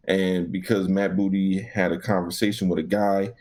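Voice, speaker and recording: A man's voice: deep voice, little pitch movement, moderate pace, darkish tone. A man co-hosting a gaming podcast, ranting casually with lots of profanity and acted-out back-and-forth. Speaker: podcast co-host.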